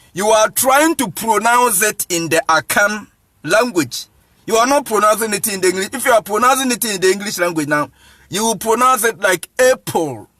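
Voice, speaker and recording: A man's voice: sits high, bright, forceful tone, no room sound. A man with a Ghanaian accent giving an informal lecture, insistent and repetitive, often checking that the listener follows and chuckling. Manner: insistent, repeats "you see what I'm saying", chuckles often. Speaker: evangelist teaching.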